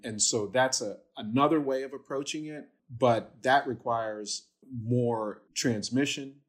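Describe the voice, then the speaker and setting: An energy policy expert with a mid-range voice answers interview questions. He speaks in a measured, methodical way, with the occasional filler.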